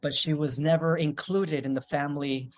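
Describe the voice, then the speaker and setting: A man's voice: on the high side, fairly even intonation, normal speed, faint music behind. A man, a guest on an interview, telling a long family story in a loose, rambling way with many fillers and restarts. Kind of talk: casual storytelling.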